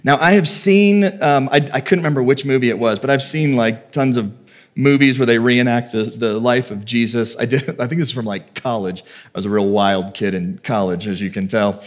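A man's voice: mid-range voice, normal speed. Conversational male pastor preaching a sermon. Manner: conversational, reads scripture then retells it with feeling.

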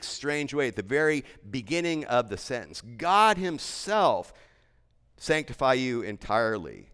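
A man preaching with earnest emphasis, his voice smooth and resonant as it rings through a church sanctuary with a long hall reverb. He builds his points through repetition and steady conviction. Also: fairly high pitch. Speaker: pastor. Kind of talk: sermon.

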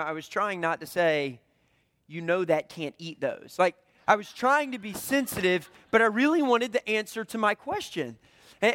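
A man's voice: fairly high pitch, a bit bright, no room sound, clean studio sound. A man in his thirties with a Southern US accent, preaching a conversational sermon full of storytelling and acted-out dialogue. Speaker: pastor.

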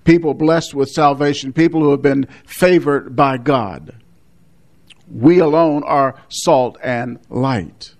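A male pastor delivers a measured sermon. His voice sits fairly high for a man, and he leans hard on repeated words for emphasis. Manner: measured preaching with emphatic repetitions.

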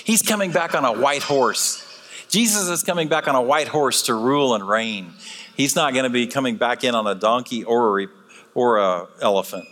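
A man's voice: medium pitch, moderate pace. Man preaching in a reverberant church. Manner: animated, acts out quoted voices. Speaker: guest preacher. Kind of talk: sermon. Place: church sanctuary.

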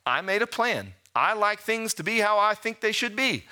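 Bright-voiced man preaching a sermon. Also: sits high, normal speed. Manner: preaching with rhetorical questions and lively storytelling. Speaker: pastor.

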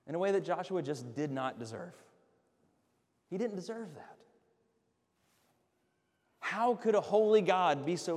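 A male pastor preaching an earnest sermon, swinging between loud emphatic lines and hushed, slow drops. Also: high-pitched, big-room sound.

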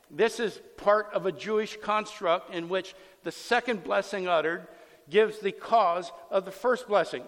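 A man's voice: high-pitched, a bit bright. A man preaching a sermon as pastor, conversational and emphatic, acting out the scenes he explains, in a long hall reverb.

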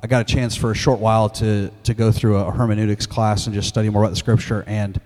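A man in his thirties preaching a sermon as a pastor, candid and halting, with frequent restarts and fillers. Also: lowish voice, flat delivery, darkish tone. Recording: long hall reverb.

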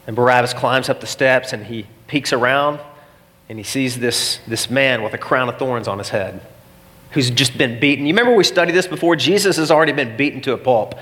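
A man's voice: medium pitch, a little fast, a bit bright. A man preaching a sermon, telling the story dramatically and acting out the scenes. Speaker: pastor. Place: church. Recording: long reverb of a church hall.

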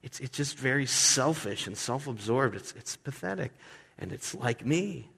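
A man preaching in a church, with a long reverb filling the space around him. His pitch sits in a middle range. He preaches with lively energy, acts out voices and pokes fun at himself. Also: normal speed, gravelly, slightly rough. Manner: lively preaching with acted-out voices and self-deprecating humor. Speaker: pastor. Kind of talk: sermon.

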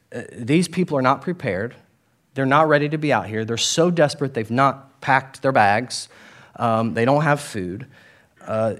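A male pastor giving a conversational sermon and voicing the disciples in quick asides. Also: mid-range voice.

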